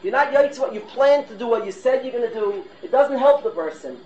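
A man's voice: very high-pitched, lively intonation, brisk, a little mellow. A middle-aged man, a rabbi, giving a fiery, exhorting sermon to his class, sprinkling in Hebrew and Yiddish terms. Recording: roomy, dull lo-fi recording with noise.

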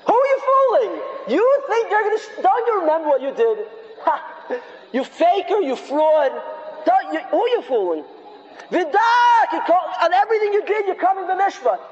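A man's voice: very high voice, big pitch swings, normal speed, dull audio, pitched above the performer's own voice. A man voicing the taunting, accusing voice of a person's past sin within his sermon. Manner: mocking, accusing, shouting. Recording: long hall reverb.

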